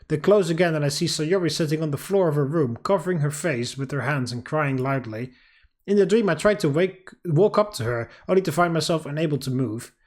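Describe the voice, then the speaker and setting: A man hosting a game playthrough, reading the story aloud in a steady, dramatic way with casual asides. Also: on the high side. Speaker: let's play host. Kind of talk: reading a visual novel aloud.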